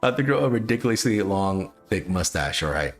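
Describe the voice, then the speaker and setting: Low-voiced man rambling through a livestream. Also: very animated, fairly quick, faint music behind. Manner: rambling and repetitive, frequent chuckles. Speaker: livestream host. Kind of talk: casual livestream commentary.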